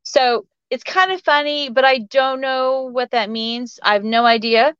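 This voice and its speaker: A woman with a high, fairly bright voice speaks at a measured pace, her tone clear and resonant. As a guest in a casual storytelling interview, she rambles through personal stories full of fillers and restarts. The recording is dry, with dull lo-fi audio.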